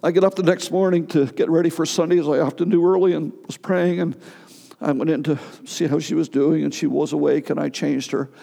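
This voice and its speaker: A middle-aged male pastor preaching a sermon, telling a personal story with emotion and halting restarts. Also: a little high, fairly even intonation, gravelly, dark tone. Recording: long hall reverb.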